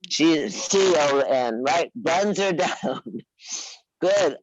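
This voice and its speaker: A woman teaching a live yoga class, giving unhurried, coaxing cues and teasing her students by name. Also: low voice, animated, noisy background. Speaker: yoga instructor.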